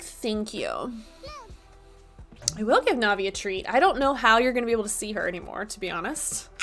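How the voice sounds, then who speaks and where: A young woman chats casually to her stream from an apartment desk, teasing and joking at her own expense. Her voice sits at an ordinary middle pitch, with faint music playing underneath. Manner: chatty, playful, self-mocking. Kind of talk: casual live-stream chat.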